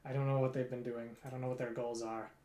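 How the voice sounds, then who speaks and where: A man voicing a weary, starved human prisoner with a Russian accent, talking in a bewildered, halting way. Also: mid-range voice, flat delivery, mellow, slight background noise, natural voice. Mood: uncertain. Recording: roomy echo.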